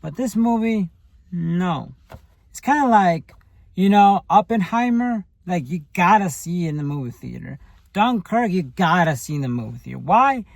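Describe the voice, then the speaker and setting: High-voiced rambling man. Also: animated, moderate pace, vocal fry, dry recording, rough recording. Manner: rambling, full of fillers and tag questions. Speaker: movie reviewer. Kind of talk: casual spoken movie review.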